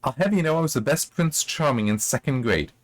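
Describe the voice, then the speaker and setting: A man's voice: medium pitch, lively intonation, a little fast, pitched above the performer's own voice, lightly acted. A man reading out an indignant male ship doctor who exclaims his lines.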